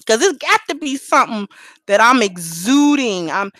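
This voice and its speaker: A woman holds forth on her live stream in a blunt, profane, preachy way. Her voice rises and falls through a lively range. The sound is dry and close, with no room echo. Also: fairly high pitch, moderate pace. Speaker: livestream host. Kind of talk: casual live-stream talk.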